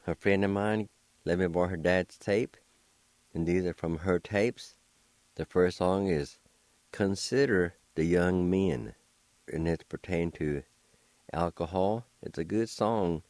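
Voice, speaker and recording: A man's voice: low-pitched, a little mellow, no echo. A man teaching a language lesson on the radio, carefully spelling out words letter by letter and repeating them.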